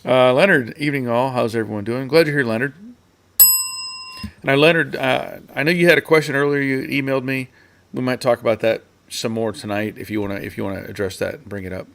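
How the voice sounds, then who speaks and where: A man's voice: medium pitch, fairly even intonation, fairly quick, vocal fry, fairly bright tone, slight background noise. A man hosting a casual live stream, rambling along with fillers and restarts and reading out viewers' chat comments.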